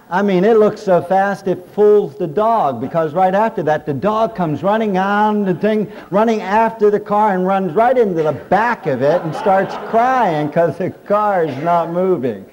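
A middle-aged male preacher with a warm, mellow voice. He delivers his sermon in a folksy storytelling way, working jokes in as he goes. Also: sits high, highs cut off. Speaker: pastor. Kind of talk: humorous sermon.

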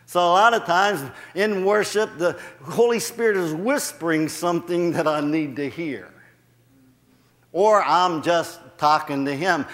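A man preaching in a church sanctuary, his fairly high voice carrying into a long reverb. He is animated, rising in volume as he gets going and laughing at himself. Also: a little slow. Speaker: guest preacher. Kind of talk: sermon.

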